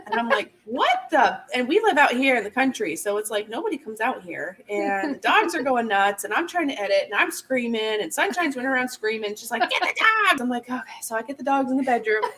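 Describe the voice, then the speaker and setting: A woman hosts a casual live chat from home and tells her stories with animated energy, slipping into the voices of the people she quotes. Her voice sits fairly high, with a faint hiss under it. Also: fast, hardly any pauses. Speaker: host. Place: home in the country.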